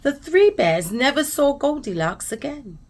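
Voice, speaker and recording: A woman storyteller reading a children's bedtime story aloud in an expressive, soothing way. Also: high-pitched, unhurried. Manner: expressive, soothing, trailing into soft whispers at the close.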